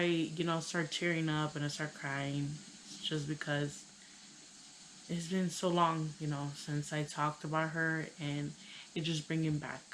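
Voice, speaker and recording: A woman in her thirties telling a personal story on her channel, tearful and halting, with many pauses and fillers. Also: low voice, a little hiss or hum, rough recording. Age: 30s. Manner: hesitant, halting, full of "you know". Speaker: vlogger.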